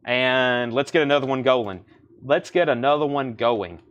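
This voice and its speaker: A man in his thirties hosting a live-stream record sale, rattling off bids, buyer names and record details in a quick, rambling patter. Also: mid-range voice, fairly bright tone, lo-fi sound.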